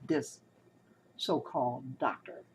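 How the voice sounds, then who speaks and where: A woman's voice: rumbling low, steady tone, slow pace, slight background noise, rough recording. Indignant woman telling her story. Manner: indignant, emphatic and rambling. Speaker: commentator recounting a hospital experience. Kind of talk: casual spoken commentary.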